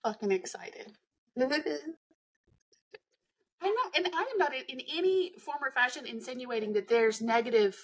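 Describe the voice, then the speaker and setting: Woman guest, husky and fairly high, blunt and teasing. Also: lively intonation, moderate pace, long pauses. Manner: blunt, dryly teasing explainer. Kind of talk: casual chat.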